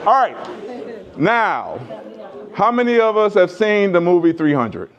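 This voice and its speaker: A man delivering an energetic motivational keynote speech on stage, leading the audience in chants and shouting at the high points. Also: slow, dull audio. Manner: energetic, leads crowd chants, shouts at peaks. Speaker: keynote speaker. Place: large conference hall with audience.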